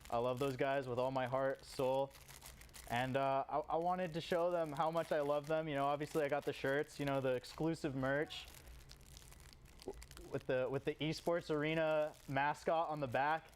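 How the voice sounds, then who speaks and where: Rambling man streamer, fairly high voice. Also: fairly even intonation, moderate pace, slight background noise. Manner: rambling, with many "you know" asides; talks while eating a snack. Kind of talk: casual sponsored fan testimonial.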